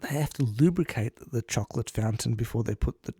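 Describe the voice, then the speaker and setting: A man's voice: medium pitch, brisk, mellow, husky, dry recording, clean studio sound. A man, co-hosting a podcast in casual chat and telling a rambling story with lots of ums and restarts. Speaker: podcast co-host.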